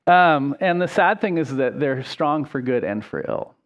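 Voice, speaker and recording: A middle-aged man, a pastor, preaching a conversational sermon in a casual, chatty way, full of ums and quick self-corrections. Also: on the high side, animated, highs cut off.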